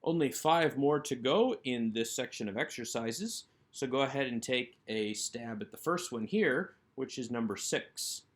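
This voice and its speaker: A man's voice: medium pitch, lively intonation, unhurried, few pauses. A man teaching Hebrew grammar in a recorded workbook lesson, patiently and methodically explaining each word.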